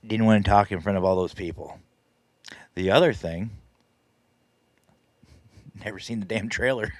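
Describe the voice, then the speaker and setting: A man's voice: fairly low pitch, measured pace, pauses often, no echo. A man hosting a live stream, casually telling a story in a chatty, self-deprecating way and laughing often. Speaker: paranormal team leader and live stream host.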